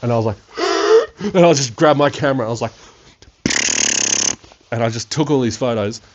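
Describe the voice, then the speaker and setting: A young man hosting a podcast, telling a story in a loose, excitable way, swearing freely and laughing often. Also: medium pitch, brisk, no echo, muffled recording. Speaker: podcast host. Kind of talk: casual storytelling.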